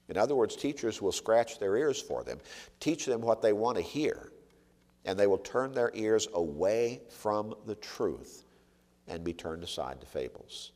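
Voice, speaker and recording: A man's voice: fairly low pitch, big pitch swings, darkish tone. Preaching man in a reverberant hall. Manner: emphatic, rising and falling delivery, slows on key words. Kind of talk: sermon. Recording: long reverb of a large hall.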